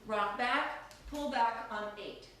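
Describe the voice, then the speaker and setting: A woman's voice: on the high side, takes it slowly, bright, forceful tone, slight background noise. A woman teaching a live online belly dance class, counting beats aloud and laughing often between steps. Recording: echoey room, distant from mic.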